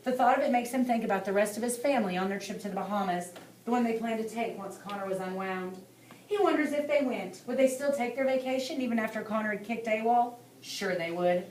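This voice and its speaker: Brief: female audiobook narrator, steady dramatic reading, echoey room. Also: on the high side, brisk. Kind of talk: scripted narration. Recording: echoey room, distant mic, faint hiss.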